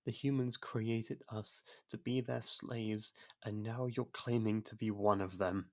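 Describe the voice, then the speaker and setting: A man voicing an obsessive, devoted android in a whispered role-play, speaking in a slow, calm, pleading and possessive way with a breathy voice. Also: lowish voice. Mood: patiently insistent. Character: obsessive, devoted android, soft-spoken and insistent.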